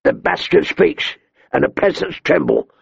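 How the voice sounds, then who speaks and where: A sharp-tongued, cold master-at-arms who sneers at his pupils with cutting contempt, put on by a man reading an audiobook. The voice is a touch raised above the reader's own, with a gravelly edge. The recording is dry and a little dull. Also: on the high side, expressive, a little slow, dry recording, voice pushed up, heavily acted. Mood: cold taunting. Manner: taunting, mocking. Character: cold, cruel middle-aged male master-at-arms.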